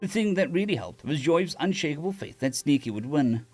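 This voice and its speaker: A man's voice: a little high, very animated, brisk, a little mellow, breathy edge, faint music behind. A man reading a story aloud on a live stream, with casual restarts and asides to chat.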